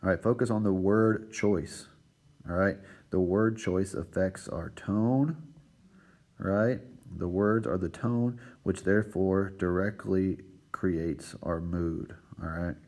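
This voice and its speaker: A man's voice: low-pitched, slow pace, a little mellow. A man teaching a recorded literature lesson to his students, checking in with "right?" and "all right" after nearly every point.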